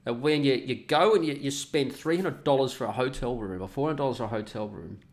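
A middle-aged man rants into the camera in a casual vlog. He swears freely and tells the story in a loose, everyday way. His voice sits at an ordinary middle pitch. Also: fairly quick. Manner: profane, ranting, mocking voices. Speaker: vlogger. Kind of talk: casual ranting monologue.

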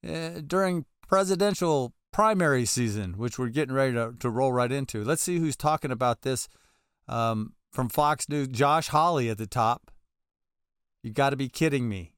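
A man hosting a casual political commentary show, reading news aloud in an animated, jokey manner. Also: a little slow, clear, resonant tone, dry recording, clean studio sound. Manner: animated, jokey, swings between high excited bursts and low soft sign-offs.

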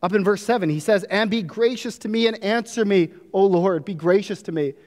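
Man, pastor, high voice, earnest dramatic sermon, long hall reverb. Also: a little fast, darkish tone. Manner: earnest, dramatic preaching with acted-out prayers.

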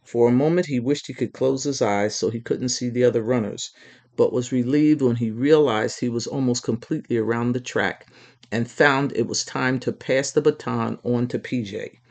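Male storyteller, mid-pitched, steady reading of a kids' chapter book. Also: moderate pace. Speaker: narrator.

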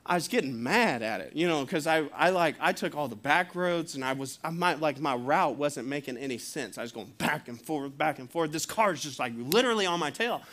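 Excitable rambling male pastor. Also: fairly high pitch, moderate pace. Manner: excitable, rambling storytelling with many restarts. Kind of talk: sermon.

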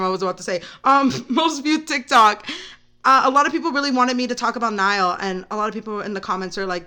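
Young female podcast host, high bright voice, rambling and excitable storyteller. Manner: rambling, excitable, heavy use of "like". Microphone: camera mic.

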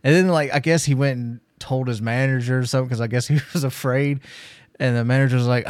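A man's voice: medium pitch, steady tone, fast, dry recording, studio quality. A man co-hosting a podcast, telling a story in casual chat and cursing freely. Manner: profane storyteller, loud and laughing at the climax. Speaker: podcast co-host.

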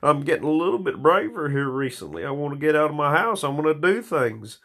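A man in a small room at home talking into a phone, rambling and swearing in a slightly hoarse stream of consciousness. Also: fairly high pitch, sing-song, fairly quick, fairly bright tone. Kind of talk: rambling casual monologue.

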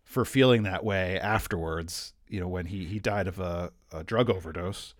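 A lowish male voice from a man raised in Vermont leads the chat, nudging his guest with easy questions. The sound is dry and close, with no room around it. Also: normal speed, no echo. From Vermont, USA. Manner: conversational, prompting questions. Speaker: podcast host. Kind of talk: casual interview.

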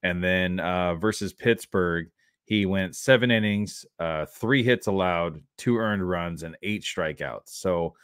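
A man co-hosting a casual fantasy baseball podcast, reading out player stats steadily with filler pauses. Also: sits low, fairly bright tone, smooth, no room sound, clean studio sound. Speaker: podcast co-host. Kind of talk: casual sports chat.

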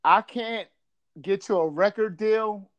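A man's voice: sits high, takes it slowly, lo-fi sound. A man from Buffalo telling a casual story, swearing freely and acting out quotes. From Buffalo, New York.

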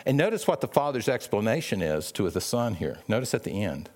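A man's voice: on the low side, big pitch swings, a little fast. Man preaching a conversational sermon. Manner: conversational, repeats and restarts phrases, asks the listeners questions; acts out the brothers' lines in a raised, sharp voice.

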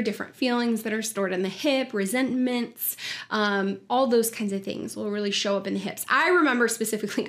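A woman hosting a wellness podcast, talking in an earnest, reflective way and often quoting her own thoughts. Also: on the high side. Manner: earnest, reflective, speaks with frequent fillers and self-quoting. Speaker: podcast host, wellness coach. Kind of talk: casual explanatory monologue.

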